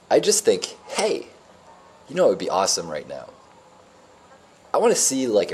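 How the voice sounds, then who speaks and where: A man's voice: on the low side, mellow, a little hiss or hum. A man in his forties telling a rambling, emotional personal story in a reflective, spiritual way. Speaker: vlogger.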